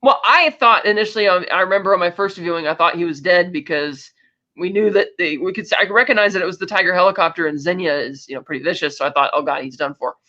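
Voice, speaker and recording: This podcast co-host has a fairly low, bright voice with a forceful tone and talks fast, casually recapping films by retelling scenes and doing the characters' lines. The highs in the recording are cut off.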